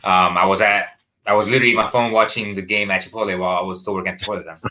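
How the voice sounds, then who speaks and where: Fast bright-voiced man chatting. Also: fairly low pitch, level tone. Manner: fast, full of restarts and "you know". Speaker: podcast co-host. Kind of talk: casual chat.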